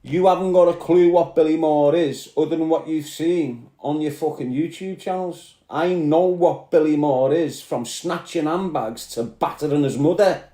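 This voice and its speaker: On a live stream, a Scouse man from Liverpool rants, swears, and fires back at his commenters confrontationally. His slightly high, mellow voice moves at a moderate pace with hardly any pauses, and the room echoes around him.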